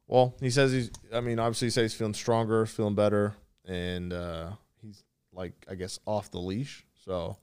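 A man's voice: fairly low pitch, little pitch movement, normal speed, darkish tone, clean tone. A man co-hosting a casual sports chat, blunt and profane, steering the topics. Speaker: podcast co-host.

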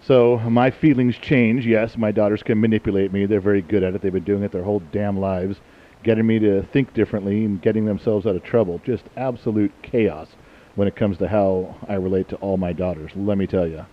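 Profane, joking middle-aged dad host. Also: male voice, on the low side, fairly even intonation, fairly quick. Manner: blunt, profane, jokey storyteller. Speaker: podcast host and father. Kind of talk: casual family podcast chat. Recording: muffled lo-fi recording.

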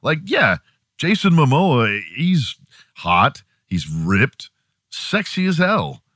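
A man's voice: medium pitch, very animated, slow pace, a bit bright, no echo, clean studio sound. A man hosting a morning show, delivering a profane, sarcastic comedic rant.

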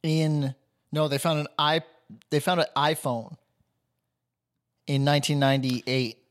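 A young man co-hosting a podcast, his voice sitting a bit high for a man. He chats loosely and keeps needling his friend with crude, mocking jabs. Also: fairly even intonation, measured pace. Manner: profane, needling banter. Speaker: podcast co-host. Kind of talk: casual chat.

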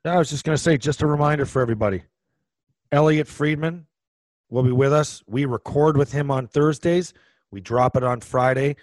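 A man's voice: medium pitch, fairly quick, no echo. A man co-hosting a podcast, telling stories in a rambling, casual way full of restarts. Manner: rambling storyteller with many restarts. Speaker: podcast co-host, former hockey player. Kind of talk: casual chat.

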